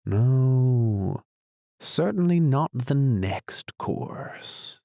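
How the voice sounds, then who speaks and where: A man reading an audiobook, voicing a solemn, muddled male knight who talks gravely and slowly about his inventions. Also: lowish voice, lively intonation, darkish tone, dry recording, studio quality, full character voice. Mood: grave, musing. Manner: grave, slow, musing. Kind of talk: audiobook character voice.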